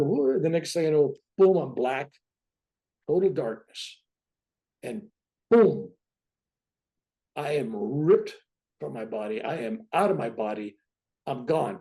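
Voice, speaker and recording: Gravelly older man telling a story. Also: medium pitch. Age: 70s. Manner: animated, wry storyteller. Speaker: podcast guest. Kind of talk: conversational storytelling.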